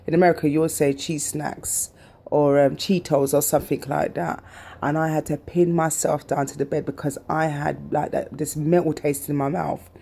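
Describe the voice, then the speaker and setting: A woman's voice: sits low, flat delivery, moderate pace, creaky, warm tone, breathy edge. A British woman vlogging and telling a personal story in an emphatic way, repeating phrases for stress.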